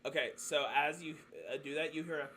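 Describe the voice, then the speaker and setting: A man's voice: a little high, level tone, brisk, very noisy. A man narrating as dungeon master, loose and hesitant, with many fillers. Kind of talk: narrating a tabletop game.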